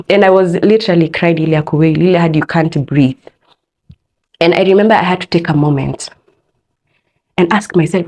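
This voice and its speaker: A young Kenyan woman speaks in a slightly low voice, hosting her own podcast. She tells a personal story in an open, candid way and leans into the telling. The voice sits a bit lower than most women's. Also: brisk, long pauses, dark tone. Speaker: podcast host.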